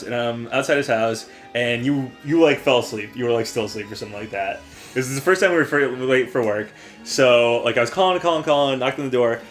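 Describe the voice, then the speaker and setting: A man co-hosting a gaming show, telling rambling stories with lots of laughs in casual banter. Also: medium pitch. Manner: rambling storyteller, laughs often. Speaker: show co-host, gamer. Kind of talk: casual let's-play banter.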